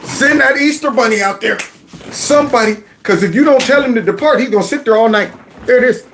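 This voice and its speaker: A man's voice: very high-pitched, a little fast, a bit bright, a little hiss or hum. A man reacting to video clips, laughing, teasing and mocking what he watches. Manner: laughing, teasing, does mock voices.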